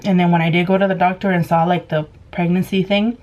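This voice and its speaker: A woman's voice: fairly low pitch, little pitch movement, fast, a little mellow, dull audio. A woman in her twenties, a mukbang vlogger, telling a casual story while she eats, filling her talk with "like" and acting out what people said. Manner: chatty, heavy use of "like", acts out quoted dialogue. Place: at home at a table with food.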